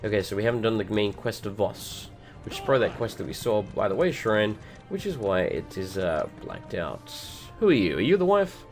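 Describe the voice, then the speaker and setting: A brash, swearing gamer rambling through his commentary, his voice cracking now and then. His pitch swings widely, with soft game music playing under him. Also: big pitch swings, brisk. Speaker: let's play host. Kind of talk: casual gameplay commentary.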